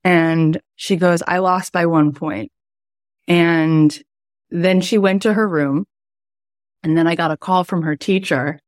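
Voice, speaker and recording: Woman host, 40s, deep voice, emotional and chatty storytelling, dry booth sound. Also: steady tone, slow, no echo. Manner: warm, emotional, chatty with many "like" fillers. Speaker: podcast host and coach. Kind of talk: personal storytelling on a coaching call.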